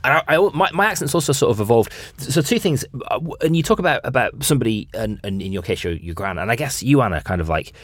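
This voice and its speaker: A man in his thirties from Bolton with a softened Bolton accent, a podcast host chatting reflectively, often restarting his sentences. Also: mid-range voice, expressive, fast, hardly any pauses, no echo, clean studio sound. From Bolton, Greater Manchester. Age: 30s. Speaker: podcast host and radio presenter. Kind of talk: casual chat.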